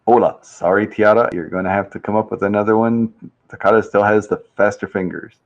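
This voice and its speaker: A man with a low, gravelly voice hosts a casual live-stream quiz, chatting along and reading out viewers' answers with quick laughs. The sound is a little dull, like lo-fi stream audio. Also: steady tone. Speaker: livestream host running a survey game.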